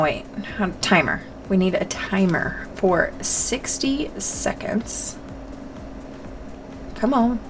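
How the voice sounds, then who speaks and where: A woman's voice: medium pitch, a bit bright. A woman hosting a budgeting channel, chatting casually to camera while playing a dice game, talking to herself and counting aloud.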